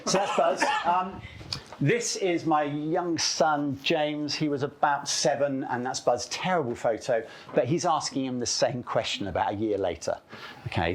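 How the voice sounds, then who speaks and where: Animated chatty man telling stories. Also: medium pitch, a little hiss or hum. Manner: animated, chatty, self-interrupting, often asks "okay?". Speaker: speaker at a live talk. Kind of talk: anecdotal storytelling talk. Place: club event room, live audience.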